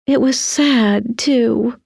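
Strange storybook girl, high and scheming, voiced by a woman. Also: drawn-out words, creaky, darkish tone, breathy edge, dry recording, clean studio sound, full character voice. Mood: wistful. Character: odd, cruel young girl.

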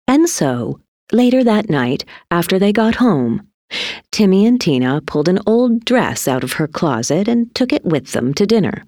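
A woman narrator reads a children's story aloud, expressive and deliberate in her storytelling. Her medium-pitched voice is recorded with studio quality and no echo.

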